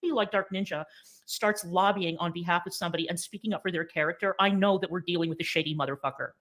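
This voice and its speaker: A woman's voice: lowish voice, fast, fairly bright tone. A woman talking bluntly in a casual stream chat, swearing freely.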